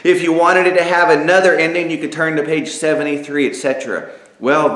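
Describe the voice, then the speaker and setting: A man narrating an inspirational story aloud, dramatic and lively, with spoken sound effects. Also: mid-range voice. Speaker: author and narrator. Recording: echoey room.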